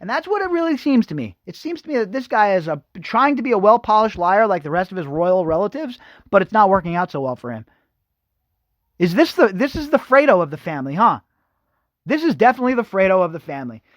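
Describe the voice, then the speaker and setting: A man's voice: high-pitched, sing-song, fast talker, dry recording, dull audio. A man hosting a podcast, reading news articles and breaking off into sarcastic, mocking commentary to his listeners. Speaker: podcast host. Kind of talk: ranting commentary over read-out news.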